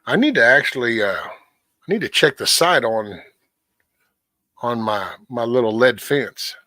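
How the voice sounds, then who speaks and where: A man's voice: medium pitch, animated, unhurried, bright, forceful tone, no echo. A middle-aged man hosting a morning livestream, chatting casually and rambling in a folksy way with the odd curse word. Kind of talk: casual morning chat with viewers.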